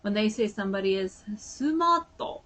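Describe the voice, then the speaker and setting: A woman's voice: mid-range voice, flat delivery, moderate pace. A woman vlogger chatting casually and sounding a bit sleepy, rambling with lots of fillers. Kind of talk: casual chat.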